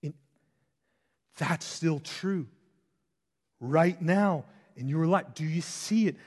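A man preaching an expository sermon as pastor, shifting between loud emphasis and hushed, intense passages. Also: on the high side, slow, slightly rough. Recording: long hall reverb.

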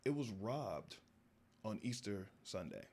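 A man from the American South telling a long comedic story, jumping into high-pitched voices for the people in it. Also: slow, breathy edge. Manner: animated, acts out other voices in high pitch. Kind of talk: storytelling stand-up.

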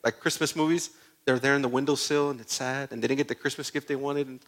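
A man preaching a sermon in a conversational, animated way, full of asides and stories. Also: mid-range voice, quick pace.

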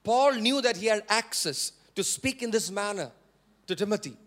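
A male pastor with an Indian English accent preaching a sermon, repeating phrases and prompting the congregation to say words back, rising to forceful emphasis. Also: high-pitched, expressive, normal speed. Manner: repetitive, call-and-response preaching.

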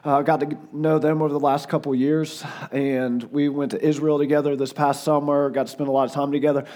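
A hoarse man in his forties with a Southern US drawl, speaking a touch higher than most men. He chats and jokes through his stories as a guest preacher. He leans on "like" and "uh" as he talks. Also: flat delivery, a little fast, dark tone. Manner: chatty and joking, lots of "like" and "uh". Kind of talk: casual storytelling before a sermon.

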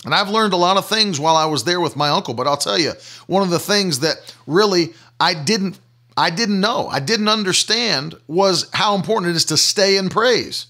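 An emphatic male preacher with a high, bright voice delivers a sermon. He hammers his points by repeating them, pushing the tempo up and slowing down to stress a line. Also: animated.

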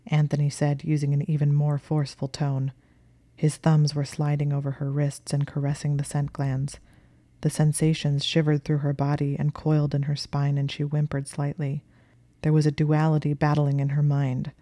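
A woman narrating a story aloud in a steady, even reading manner. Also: low-pitched, moderate pace, no echo. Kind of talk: audiobook reading of fan fiction.

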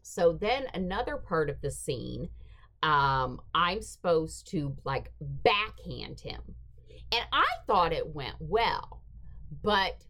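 A middle-aged woman hosting a podcast, telling a story in a casual, animated way and acting out what people said. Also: sits low, slow pace. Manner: animated, acts out quoted dialogue. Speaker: podcast host.

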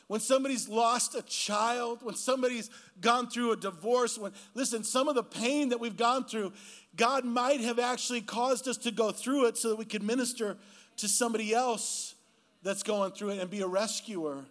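Casting: male preacher, early fifties, high-pitched, animated storyteller who voices the people in his stories. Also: moderate pace. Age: 50s. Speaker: guest pastor. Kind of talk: sermon. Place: church.

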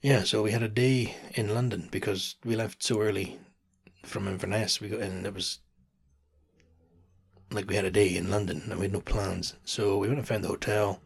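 A man's voice: on the low side, steady tone, normal speed, creaky, husky. A man in his thirties telling a rambling travel story as a podcast host, chatty, laughing often and swearing casually. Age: 30s.

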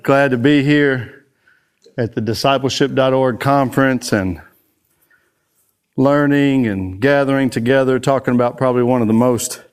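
A man's voice: mid-range voice, smooth. A man speaking to a live audience in a church, telling a folksy personal story and a little out of breath. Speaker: conference speaker. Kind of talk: live conference talk.

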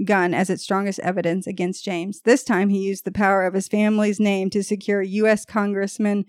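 A woman's voice: mid-range voice, flat delivery, fairly quick, darkish tone, no room sound. Woman telling a true crime story, dry close sound, keeps joking around between the facts. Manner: reads case details, breaks off to joke and laugh.

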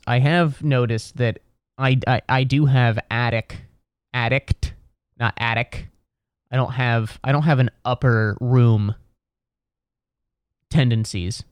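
A young man talks to the camera from a chair at home as a solo vlogger, wandering through a dry, funny monologue with many self-corrections and restarts. His voice is medium in pitch, and there's no echo.

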